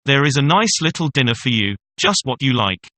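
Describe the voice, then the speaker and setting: A man reading the lines of a scornful, teasing young woman in a classic story audiobook, with a bright tone. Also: mid-range voice, sing-song, fairly quick, slight background noise. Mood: mocking. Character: young woman, mocking kept mistress.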